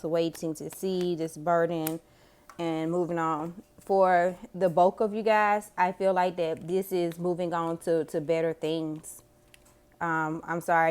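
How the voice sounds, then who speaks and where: A woman's voice: fairly low pitch, darkish tone, smooth. A woman giving a casual tarot reading to camera, chatty, slangy and freely profane. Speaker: tarot reader.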